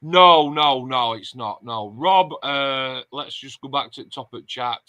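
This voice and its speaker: A man's voice: mid-range voice, a little slow, bright, forceful tone, clear, resonant tone, no echo. A man hosting a casual livestream chat and reading out viewer comments. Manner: chatty, reads out viewer comments. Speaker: host.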